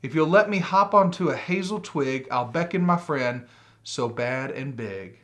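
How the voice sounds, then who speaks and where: A man's voice: mid-range voice, lively intonation, a little slow, fairly bright tone. A man reading a picture book aloud, voicing a small clever mouse in a sly, coaxing way. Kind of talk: storybook read-aloud.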